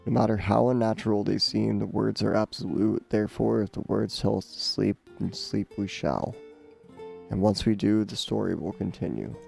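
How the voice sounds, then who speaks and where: A man's voice: fairly low pitch, moderate pace, gravelly, darkish tone, faint music behind. A man voicing a haughty, scornful talking magic book who speaks in a formal, insulting way. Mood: lecturing.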